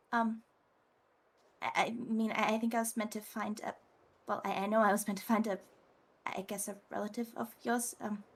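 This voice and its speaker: A woman voicing a timid adventurer who stammers and apologizes as she speaks in a slightly husky voice. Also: a little high, darkish tone, exaggerated voice.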